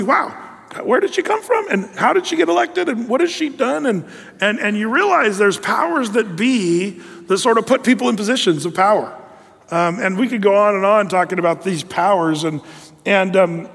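Male pastor, high voice, rambling sermon delivery, hall reverb. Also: fairly bright tone. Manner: rambling, many fillers and restarts.

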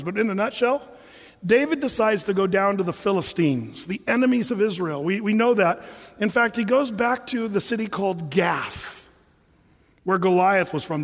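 A man preaching a sermon as an animated storyteller, acting out the scenes for his church. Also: sits high. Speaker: pastor. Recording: long hall reverb.

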